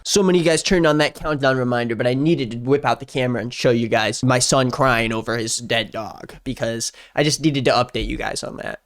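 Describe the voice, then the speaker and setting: A man's voice: medium pitch, fairly quick, hardly any pauses. Sarcastic young man reacting to clips. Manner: sarcastic and incredulous. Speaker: YouTube commentator. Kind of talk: reaction commentary.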